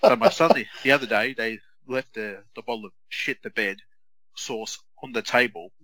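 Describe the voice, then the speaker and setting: Bright-voiced Australian man telling stories. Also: medium pitch, moderate pace, no room sound, rough recording. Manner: animated storyteller, swears freely. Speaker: podcast co-host. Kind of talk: casual watch-along chat.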